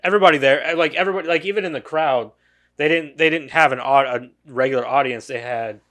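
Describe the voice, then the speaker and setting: This podcast co-host has a fairly high, bright voice with a forceful tone and a quick pace. Chatting casually, he wanders from point to point, using plenty of fillers and curse words.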